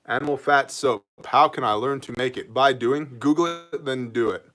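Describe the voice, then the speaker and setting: A man hosting a casual livestream, reading out viewer comments and greeting people with quick jokes. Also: mid-range voice, sharp tone, soft background music. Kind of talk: casual live chat.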